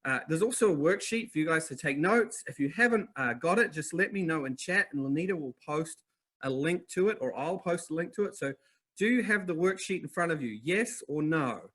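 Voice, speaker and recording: A man with a New Zealand accent hosting a live online masterclass, upbeat and energetic, talking straight to viewers in chat. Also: fairly high pitch, brisk. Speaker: webinar host.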